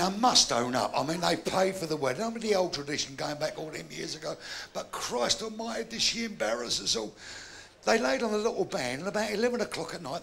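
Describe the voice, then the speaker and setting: Stand-up comic, man, high gravelly voice, crude blunt punchlines. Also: a bit bright, slight background noise. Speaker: stand-up comedian. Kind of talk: live stand-up routine. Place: live club stage.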